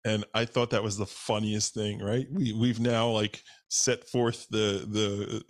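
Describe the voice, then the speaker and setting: A man's voice: on the low side, little pitch movement, unhurried. A man hosting a podcast interview, casual and enthusiastic. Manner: enthusiastic, informal. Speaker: podcast host.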